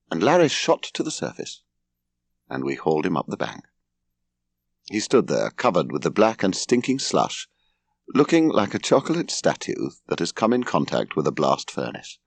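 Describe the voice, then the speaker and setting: A man narrating a comic memoir audiobook in a wry, expressive manner. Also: fairly low pitch, creaky, dry recording. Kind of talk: scripted narration.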